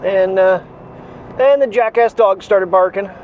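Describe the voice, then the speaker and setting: Talking to both his viewers and his dog, this man vlogs in a loose, chatty way as part of his daily routine. He has a high, slightly mellow voice and takes his time. The audio is dull and lo-fi with a faint hiss.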